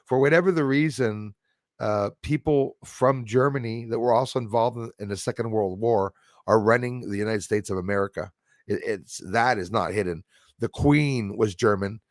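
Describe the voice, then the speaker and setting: A man's voice: fairly low pitch, normal speed, no room sound, clean studio sound. Rambling Canadian man hosting a livestream. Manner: rambling, emphatic, frequent fillers and restarts; reads out and thanks viewers in chat. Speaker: livestream host. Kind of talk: casual livestream talk.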